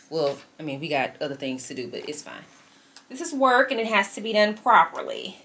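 A woman's voice: on the low side, very animated, fairly quick, a bit bright, slight background noise. A woman vlogging casually to camera, chatting with her viewers as "y'all" and talking herself through her frustrations. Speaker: lifestyle vlogger.

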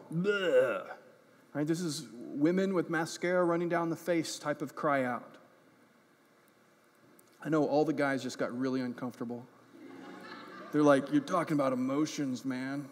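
A man preaching a sermon as pastor, impassioned and earnest, often repeating words as he builds a point. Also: on the high side. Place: church. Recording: echoey church hall.

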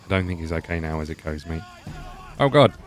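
A man's voice: rumbling low, level tone, very fast, a little hiss or hum. A man giving let's-play commentary full of wry, self-mocking remarks. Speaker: gaming channel host.

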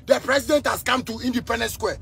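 A man in his thirties from Ghana with a Ghanaian Pidgin English accent, delivering an angry, repetitive rant with frequent shouting. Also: very high-pitched, steady tone, fast, creaky, breathy edge. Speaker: musician ranting on video.

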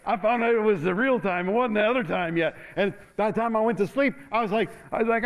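A male pastor preaching with energy and a fairly high voice, drawing the congregation into call-and-response. He laughs often, and his voice jumps up when he pushes a point. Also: fast, hardly any pauses. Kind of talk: sermon.

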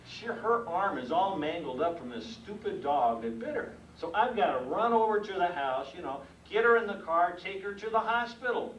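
A man's voice: high voice, normal speed. A man in his sixties, a mailman, telling folksy comic stories on stage. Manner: folksy, animated, acts out the scenes. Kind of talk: stand-up comedy storytelling. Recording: echoey room heard from a distance with faint noise.

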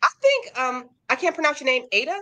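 A woman's voice: sits high, big pitch swings, brisk, pushed and bright. A woman hosting a casual livestream chat about crochet, reading out viewer comments in a bubbly way. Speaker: host.

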